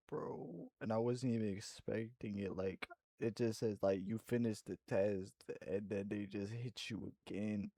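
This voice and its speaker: A man's voice: on the low side, fairly even intonation, a little slow, gravelly, mellow, no echo. A young man streaming a horror game, reacting with frequent swearing and laughs between lines. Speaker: gaming streamer. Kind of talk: casual gaming commentary.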